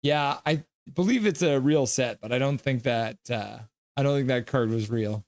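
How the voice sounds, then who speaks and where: A man's voice: mid-range voice, normal speed, darkish tone, no room sound. A young man hosting a live stream, calling hockey play-by-play in a jokey, chatty way and reading viewer comments aloud. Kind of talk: live play-by-play and chat reaction.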